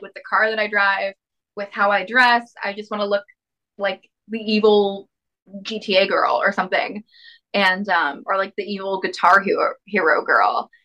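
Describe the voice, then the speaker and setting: Bright-voiced young woman with a lisp. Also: mid-range voice, poor audio. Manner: chatty, upbeat, frequent fillers. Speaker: podcast guest. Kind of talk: casual interview chat.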